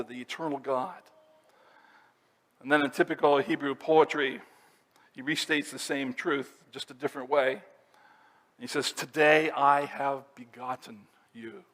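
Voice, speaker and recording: A male pastor with a middle-pitched voice preaches a sermon, going through scripture verse by verse and explaining each passage in a steady teaching manner. A long reverb from the church sanctuary surrounds his voice.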